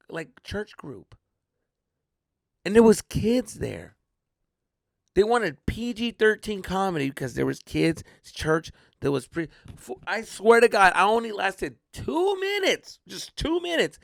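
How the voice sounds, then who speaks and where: A young male comedian tells a story on his podcast, his fairly high voice swinging wildly up and down. There's a gravelly fry in his tone, and the sound is close and dry. He swears freely and acts out the people in his story. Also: no echo.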